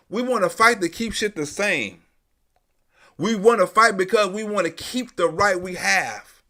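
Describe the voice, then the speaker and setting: A man's voice: sits high, lively intonation, normal speed, sharp tone. A man hosting a live stream, delivering an emphatic, profane, repetitive political commentary rant.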